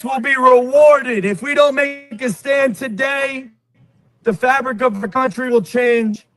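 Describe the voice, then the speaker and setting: Very high-voiced man giving a rally speech. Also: a little slow, a bit bright. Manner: declamatory, insistent. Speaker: protest speaker.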